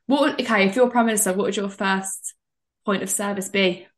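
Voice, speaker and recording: A young woman co-hosting a relaxed podcast, talking in an animated, excitable way. Her voice sits in an everyday middle pitch. She laughs easily as she goes. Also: a little fast. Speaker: podcast co-host. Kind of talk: casual podcast chat.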